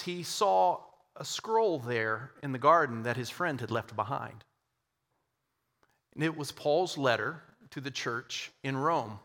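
A man telling a church history story as part of a sermon, with slow, dramatic pauses. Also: on the high side, expressive, bright, forceful tone, big-room sound.

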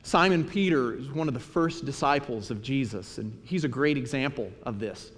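A man preaching a sermon, retelling scripture and stories in an animated storytelling manner. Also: mid-range voice, moderate pace. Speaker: pastor. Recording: long hall reverb.

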